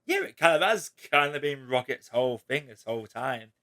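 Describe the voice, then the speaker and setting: A man hosting a casual spoiler chat, retelling movie scenes in an emotional, animated way. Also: medium pitch, brisk. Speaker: host.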